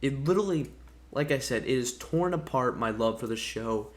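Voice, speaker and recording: A man rants to his viewers in an offhand, rambling way, with his voice pitched right in the middle for a man. He swears freely and scatters "dude" and "man" through his gripes. He sounds loose and unscripted, stumbling and restarting as he vents. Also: fairly even intonation, moderate pace. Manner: rambling, profane, frustrated, peppers talk with "dude" and "man". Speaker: gaming YouTuber. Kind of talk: casual ranting review to camera.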